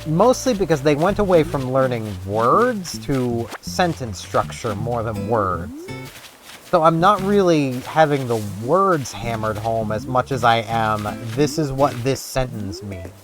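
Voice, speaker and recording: Chatty Canadian man with lively pitch. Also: measured pace. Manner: rambling, chatty, self-mocking. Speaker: gaming vlogger. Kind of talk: casual chat while playing a game. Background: game music.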